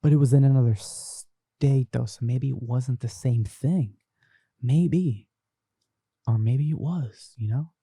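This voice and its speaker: Reading viewers' live chat comments aloud, a young podcast host talks them through in a casual live-stream way. He speaks slowly in a warm, mid-range voice that's slightly rough. The audio comes from a desk microphone and mixer, with no room sound.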